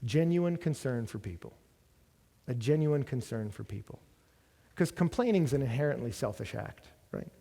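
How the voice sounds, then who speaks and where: A man's voice: medium pitch, lively intonation, moderate pace, creaky, warm tone, slightly rough. A man preaching a sermon at a college ministry gathering, telling stories and asking rhetorical questions in a conversational way. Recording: long reverb of a large hall.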